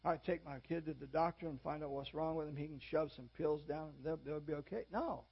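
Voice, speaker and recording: An older man preaching a sermon in a folksy, self-deprecating way, with sudden emphatic rises. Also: high-pitched. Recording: dull lo-fi audio.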